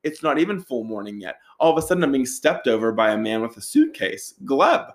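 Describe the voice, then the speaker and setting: A man telling a wild story to friends in a casual, profane, animated way, acting out the quoted lines with big jumps in his voice. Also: medium pitch, a little fast, vocal fry.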